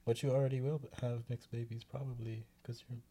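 A man's voice: mid-range voice, little pitch movement, brisk, dark tone, breathy edge. A young man in casual chat, laid-back, explaining his points at length with many fillers.

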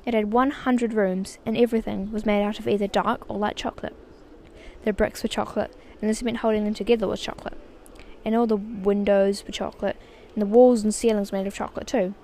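A woman voicing an old grandfather in a storybook, telling tales in an animated, confiding way. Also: medium pitch, fairly quick, slight background noise, lightly acted. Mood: storytelling. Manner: animated storytelling, sometimes dropping to a hushed whisper.

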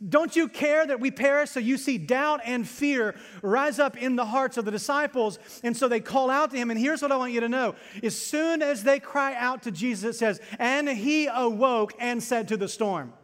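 A male pastor delivering a sermon in a church, preaching with passion and repeating phrases for emphasis. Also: sits high. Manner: impassioned, repetitive preaching with rising intensity. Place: church sanctuary. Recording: long reverb in a large room.

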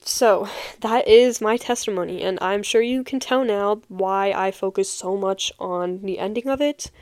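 A young woman shares her personal faith testimony in an earnest, heartfelt way, often repeating a phrase for weight. Her voice sits at an ordinary middle pitch. The recording is dry and close, with no room sound. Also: unhurried, darkish tone, no room sound. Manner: earnest, heartfelt, emphatic repetitions. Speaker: podcast host.

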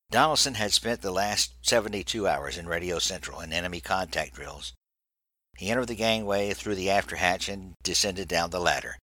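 A man reading a naval story aloud in a steady, measured way. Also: low-pitched, no echo, poor audio. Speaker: narrator.

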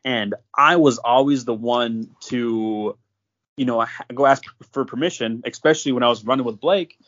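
A man's voice: mid-range voice, moderate pace, a bit bright, highs cut off. A man hosting a podcast, telling a long story in casual chat, packed with "like" and restarts. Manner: rambling, filler-heavy, lots of "like". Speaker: podcast host.

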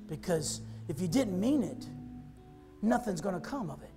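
Man, pastor, high voice, fervent altar call, repeats lines, bursts into shouting, faint music behind. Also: animated, normal speed. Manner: fervent, repetitive, rising to shouts.

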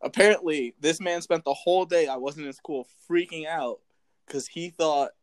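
A man with a fairly high voice tells a story in casual chat. He is lively and animated, and he slips into the voices of the people in his tale as he goes. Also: moderate pace. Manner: lively, acts out quoted voices. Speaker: storyteller recounting a school memory.

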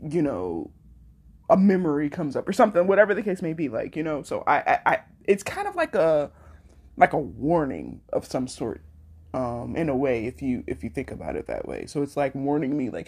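Low-voiced woman rambling candidly. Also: wildly swooping pitch, moderate pace, darkish tone, slightly rough. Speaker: podcast host. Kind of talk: casual solo podcast monologue.

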